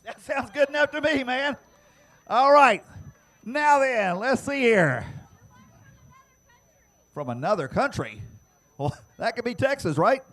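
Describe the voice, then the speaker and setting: Loud teasing man on a track mic. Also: very high voice, lively intonation. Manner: loud, teasing, drawn-out shouting. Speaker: track announcer giving away prizes. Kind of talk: playful crowd giveaway on PA. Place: outdoor dirt racetrack.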